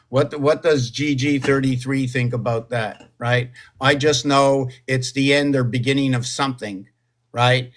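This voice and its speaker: A man's voice: medium pitch, a bit bright. Man rambling through a home livestream. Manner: rambling, musing aloud on words and numbers. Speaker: livestream host. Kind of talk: casual livestream chat.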